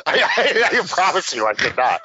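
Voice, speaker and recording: Wildly animated wisecracking man. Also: medium pitch, a little fast. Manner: dry wisecracking. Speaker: podcast guest. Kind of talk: casual chat. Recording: dull lo-fi audio with faint hiss.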